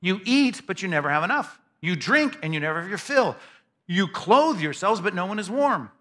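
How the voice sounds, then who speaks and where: Animated, bright-voiced preacher man. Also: high voice. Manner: emphatic, conversational, with quick stammered repeats. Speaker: pastor. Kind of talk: sermon. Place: church sanctuary before a congregation.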